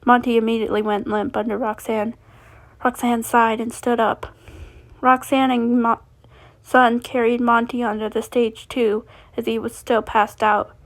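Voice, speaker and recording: A woman reading a fan fiction story aloud, steady, with frequent slips and restarts. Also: on the high side, a little slow.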